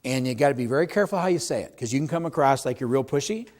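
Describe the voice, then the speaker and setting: A man's voice: mid-range voice, lively intonation, rapid-fire, a little mellow. A middle-aged man teaching real estate agents at a seminar, speaking emphatically, asking the room questions and acting out what clients say. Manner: emphatic, asks the audience questions, acts out client quotes. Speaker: real estate sales trainer. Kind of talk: seminar talk to a live audience.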